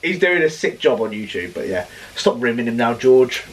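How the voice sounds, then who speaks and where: A man's voice: mid-range voice, very animated, normal speed, a little hiss or hum. A man talking casually in a vlog, blunt and rambling, swearing freely. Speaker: fitness vlogger and coach.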